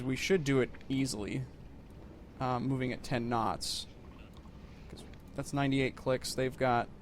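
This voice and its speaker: A man's voice: medium pitch, slight background noise. A man giving casual, rambling let's-play commentary with wry, self-mocking humor.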